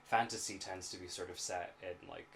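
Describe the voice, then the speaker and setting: Chatty Irish man, lowish voice. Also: steady tone, brisk, creaky, fairly bright tone, a little hiss or hum. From Ireland. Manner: chatty, swears casually, laughs often. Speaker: podcast co-host. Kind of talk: casual chat.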